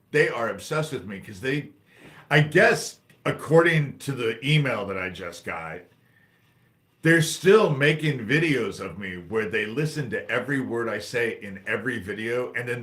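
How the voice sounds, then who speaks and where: On a livestream, an agitated American host with a lowish, somewhat bright voice goes on an angry, profanity-heavy rant. He hops from topic to topic and reads chat messages out loud.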